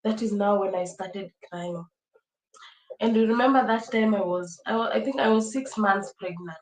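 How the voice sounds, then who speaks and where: Young woman, livestream host, chatty and emotional, mid-pitched, recorded in an echoey room. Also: normal speed, slight background noise. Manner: chatty, emotional, repeats phrases, laughs often. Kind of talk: casual livestream chat with viewers.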